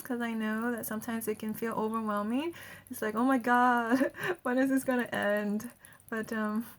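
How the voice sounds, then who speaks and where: Woman healer talking thru a grounding session, kinda high voice, giggles a lot. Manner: chatty, laughs often between phrases. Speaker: energy healer. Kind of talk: guided energy healing talk.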